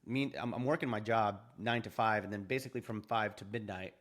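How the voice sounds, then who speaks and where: A young man appearing as a podcast guest tells his story in an animated, casual way, acting out the dialogue he quotes. His voice is fairly low and he talks fast.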